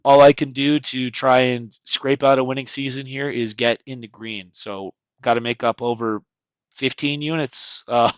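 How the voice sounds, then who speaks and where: A man's voice: medium pitch, fairly even intonation, moderate pace, smooth, no room sound, low-quality recording. A man co-hosting a casual sports betting podcast, recapping his losing picks with wry, self-mocking humor. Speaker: podcast co-host.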